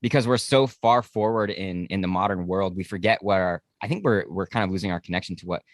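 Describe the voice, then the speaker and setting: A male podcast host with a fairly low voice talks in an easy, conversational way, dropping in a casual curse and steady murmurs of agreement. The recording is dry and close-miked. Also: fast, dry recording. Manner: relaxed, conversational, occasional swearing, frequent "mm-hmm" backchannel.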